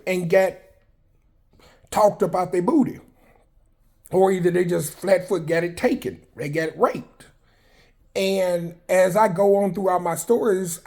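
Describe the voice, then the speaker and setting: A man's voice: on the high side, a little mellow. A man in his fifties telling personal prison stories in a blunt, profane, rambling way, full of fillers and restarts. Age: 50s. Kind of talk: candid personal storytelling.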